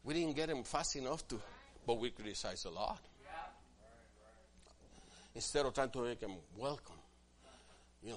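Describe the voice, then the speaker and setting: A man preaching a sermon as pastor, swinging from quiet asides to loud, emphatic passages and acting out what church members say. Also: mid-range voice, animated, moderate pace, pauses often. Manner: acts out quoted church members in different voices.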